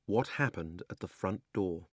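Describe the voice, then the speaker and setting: Low-voiced, expressive male storyteller. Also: a little slow, slightly rough, dry recording. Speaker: narrator. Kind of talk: audiobook narration. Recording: dry close studio sound.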